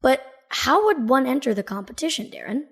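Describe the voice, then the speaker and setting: A woman's voice: sits high, big pitch swings, fairly quick, vocal fry, husky. A woman hosting a podcast in a playful, joking way. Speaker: podcast host.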